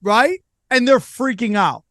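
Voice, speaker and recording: Man, high-pitched, dry close mic, animated casual storytelling, podcast host. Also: a little slow, no echo. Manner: animated, acts out quotes with voices.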